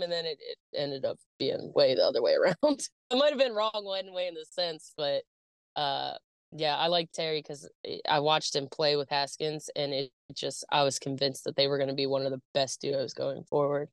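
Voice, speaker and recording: A woman appearing as a podcast guest, chatting in a relaxed, easygoing way. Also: low-pitched, normal speed, smooth, no room sound. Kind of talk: casual podcast chat.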